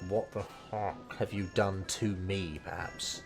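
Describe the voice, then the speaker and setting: A man's voice: sits low, steady tone, unhurried, gravelly, over music. A man explaining game dialogue line by line, thinking aloud with lots of hedging and fillers. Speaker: language learning streamer.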